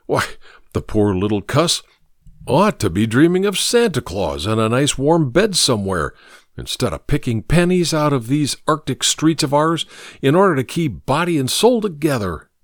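A man voicing a kindly, burly doctor who speaks earnestly and gently. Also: medium pitch, sing-song, normal speed, no echo, studio quality, voice pushed up, lightly acted. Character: kindly burly doctor, grave and warm-hearted.

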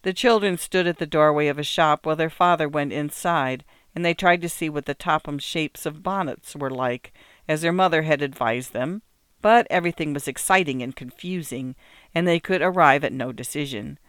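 A man narrating an old-fashioned storybook in a gentle, even, unhurried reading voice. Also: on the high side, smooth, dry recording, studio quality. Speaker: audiobook narrator.

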